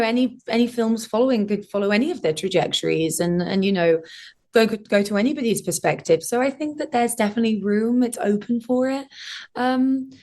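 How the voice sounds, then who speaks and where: A young adult woman, an actress guest in an interview, relaxed and self-deprecating and laughing between thoughts. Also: a little high. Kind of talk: casual interview.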